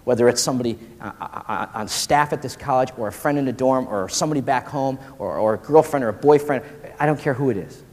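A man in his forties preaching a casual, slangy sermon to college students, animated and full of "dude" and "man". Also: mid-range voice, quick pace. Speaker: pastor. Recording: long hall reverb.

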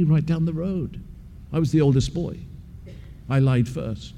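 Guy preaching slow and emphatic, mellow voice, long echo from the hall. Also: a little high, creaky, a little hiss or hum. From England. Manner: emphatic, repeats words for stress. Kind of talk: expository sermon with personal story.

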